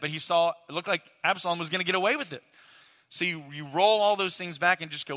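A man probably in his thirties speaks quickly in a high, bright, forceful voice, teaching about parenting from a father's perspective. The talk is earnest, casual, and sermon-like, addressed directly to listeners and recorded with long hall reverb.

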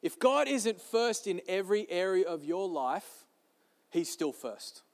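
Man, pastor, sermon, high voice, emphatic, repeats key lines, long hall reverb. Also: big pitch swings, measured pace.

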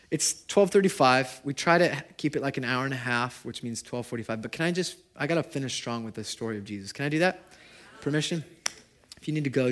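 Casting: male pastor giving a casual sermon, mid-pitched voice, moves from lively emphasis to near-whispered tenderness. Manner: animated, shifts from loud to hushed. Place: church gathering.

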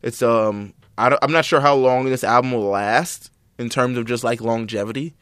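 A man's voice: mid-range voice, moderate pace, a bit bright, clean tone, dry recording, studio quality. A young man co-hosting a casual podcast about music, talking loosely with lots of fillers and swearing. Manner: loose, profane, many fillers. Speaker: podcast co-host.

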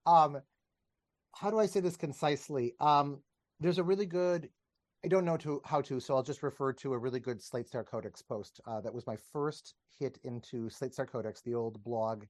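A man's voice: medium pitch, normal speed, darkish tone, no room sound. A man, a podcast guest and teacher, explaining ideas in casual conversation with enthusiasm, wandering off on tangents and laughing as he talks, recorded over a video call.

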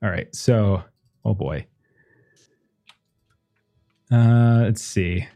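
A man acting as game master for a tabletop game thinks out loud, using lots of fillers and laughing often as he talks. His voice is lowish, very slow, gravelly, and warm, with faint music in the background.

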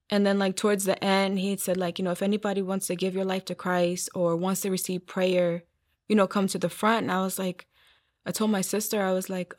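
Earnest woman telling her testimony. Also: mid-range voice. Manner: earnest storytelling, acting out quoted voices. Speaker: guest sharing her testimony. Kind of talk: personal testimony interview.

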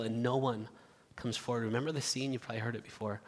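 A man preaching a sermon in a church, earnest and halting, swinging from loud appeals to hushed asides. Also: mid-range voice, level tone. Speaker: pastor. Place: church sanctuary. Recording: reverberant church hall.

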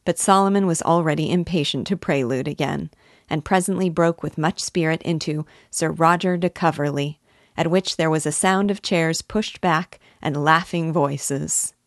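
Woman teacher reading a novel out loud, low voice, dry close sound. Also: no room sound. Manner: measured, expressive reading. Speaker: literature teacher.

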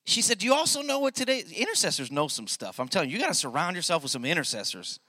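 A middle-aged male pastor preaching a sermon, telling a story and building to loud, emphatic peaks. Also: fairly high pitch, very animated, fast talker, no room sound, long reverb tail.

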